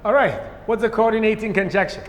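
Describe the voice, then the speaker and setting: A man's voice: sits high, quick pace, a little hiss or hum. A male English teacher with a Somali accent, teaching grammar in a lesson, asking questions and answering them himself. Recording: echoey room with long reverb.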